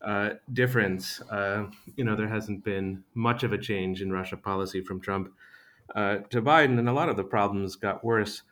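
A man giving analysis as a panel guest, calm and methodical, pausing often with "uh.". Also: fairly low pitch. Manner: calm, analytical, frequent uh pauses. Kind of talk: discussion panel commentary.

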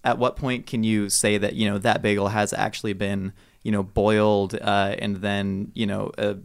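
A man's voice: lowish voice, level tone, normal speed, creaky. A man arguing his side on a casual podcast, rambling and jokey with mock-earnest asides. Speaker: podcast co-host debater.

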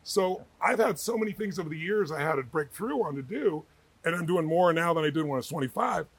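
A middle-aged man with a husky, slightly raised voice pours out stories at a rapid clip. He talks with emphatic energy and slips into the voices of the people he quotes. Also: a little high, expressive. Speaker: guest, author and speaker. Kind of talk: animated interview storytelling.

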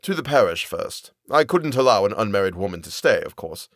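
A smooth, courteous uncle, played by a male reader in an audiobook story. The voice is low-pitched and smiling and moves with a lively rise and fall. It sits close and dry. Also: a little fast, no room sound. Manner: polite, benevolent, smiling. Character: smooth, falsely kind middle-aged uncle.

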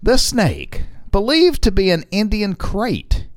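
Middle-aged male co-host, jokey and quick to laugh, lively swings in pitch. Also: no echo, studio quality. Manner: playful, laughs often, reads news items aloud. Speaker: radio co-host. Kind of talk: joking talk-show banter.

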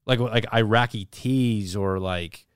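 A man's voice: on the low side, slow pace, smooth, dry recording, clean studio sound. Rambling man, jokey podcast chat. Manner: rambling, filler-heavy, jokey. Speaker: podcast co-host.

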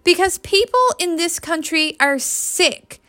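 A woman reading the lines of a brisk, pushy young woman who teases and presses. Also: very high voice, animated, bright, forceful tone, no echo, studio quality, voice pushed up, full character voice. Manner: teasing, pressing.

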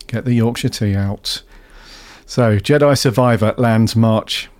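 A man hosting a casual podcast, relaxed and steering the talk along. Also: on the low side, a little slow. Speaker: podcast host. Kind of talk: casual chat.

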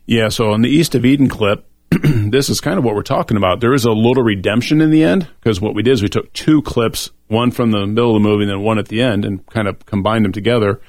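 A man's voice: lowish voice, quick pace, few pauses, darkish tone, dry recording. A middle-aged man talking earnestly and reflectively on a faith-based discussion show.

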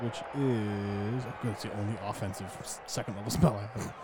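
Male player, casual and halting, noisy recording. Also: on the low side, fairly even intonation. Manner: hesitant, muttering rules aloud. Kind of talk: casual tabletop game play. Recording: noisy background.

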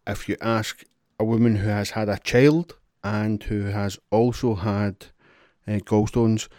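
Low-voiced male co-host, blunt, sweary, laughs easily, dry sound. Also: steady tone, a little slow, mellow, dry recording. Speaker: podcast co-host. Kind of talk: casual chat.

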